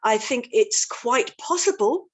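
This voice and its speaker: A woman's voice: fairly high pitch, expressive, slow, slightly rough. A woman lecturer answering questions in an online talk, thoughtful and hesitant, with many fillers and restarts. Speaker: guest lecturer. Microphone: video call.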